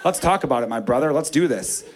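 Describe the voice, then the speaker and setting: A man doing stand-up comedy, telling a story with loud, animated delivery and shouted character voices. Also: mid-range voice, quick pace, slight background noise.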